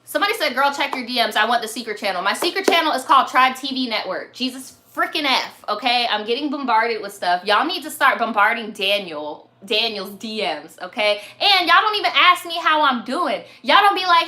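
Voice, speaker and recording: Young woman on a live stream, chatty and slangy, bright tense voice, a bit high. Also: expressive, fairly quick. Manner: chatty, slangy, laughs often, swears. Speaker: host reading viewer stories on a live stream. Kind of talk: casual chat.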